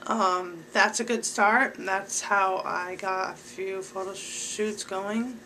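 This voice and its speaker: Young male vlogger, bright voice, slow, rambling delivery full of fillers. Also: high-pitched, steady tone, a little hiss or hum, rough recording. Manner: rambling, filler-heavy, talks to viewers directly. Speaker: vlogger giving advice. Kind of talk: casual advice vlog.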